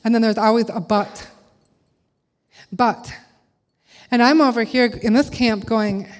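At a church gathering, a middle-aged woman gives a conversational sermon full of rhetorical questions. Her fairly high voice holds a steady tone, unhurried and marked by long pauses, with long hall reverb around it.

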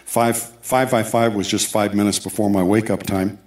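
A man with a fairly low voice preaches a personal testimony, telling it as a story with asides and quoted bits of dialogue. The sound carries the echo of a big church hall. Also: fairly even intonation, normal speed. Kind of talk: sermon testimony. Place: church sanctuary.

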